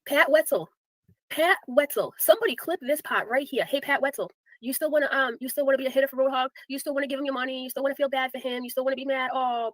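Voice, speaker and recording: A woman's voice: high-pitched, fairly bright tone, dry recording, poor audio. A woman ranting sarcastically at her viewers on a live stream, scolding and calling them out.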